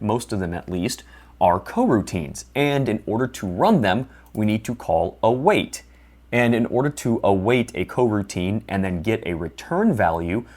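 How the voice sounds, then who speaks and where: Male tutorial narrator, low voice, plain and methodical explaining. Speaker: instructor. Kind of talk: screen-recorded coding tutorial.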